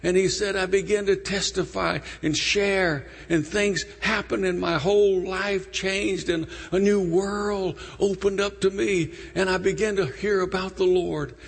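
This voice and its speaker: Slow-talking high-voiced male preacher. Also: steady tone, gravelly, slightly rough. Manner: slow, drawn-out storytelling, acting out quoted voices. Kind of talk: sermon storytelling. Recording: long reverb of a large hall.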